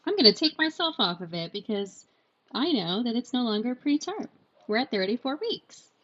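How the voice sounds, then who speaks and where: Animated young woman telling a story. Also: on the high side, normal speed, dull audio. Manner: animated storyteller, acts out quotes. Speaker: podcast co-host. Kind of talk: casual storytelling chat.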